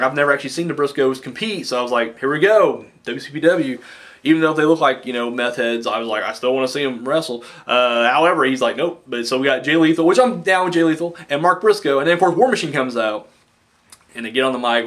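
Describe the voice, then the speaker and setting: Excitable rambling man reviewing wrestling. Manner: excitable, rambling, acts out quotes with big pitch jumps. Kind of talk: casual recap monologue.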